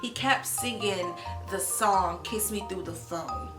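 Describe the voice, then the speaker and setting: A young adult woman from Ohio giving a casual, animated review of a language course, full of "like" fillers. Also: mid-range voice, slow pace. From Columbus, Ohio, USA. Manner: animated, filler-heavy with frequent "like". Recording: echoey room with music behind.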